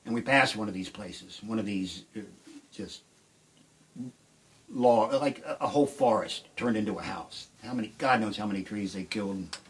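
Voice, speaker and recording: Rambling deadpan male comic, live stream. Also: on the low side, normal speed. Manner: rambling, deadpan storytelling with sudden shouted outbursts. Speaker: comedian and musician. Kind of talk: live-streamed stand-up storytelling. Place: home shed.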